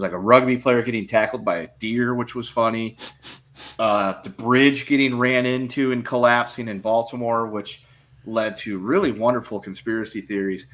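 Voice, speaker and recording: A man co-hosting a podcast in casual chat, telling his picks in a measured, opinionated way. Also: medium pitch, fairly bright tone. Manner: measured, drawn-out storytelling, opinionated. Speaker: podcast co-host.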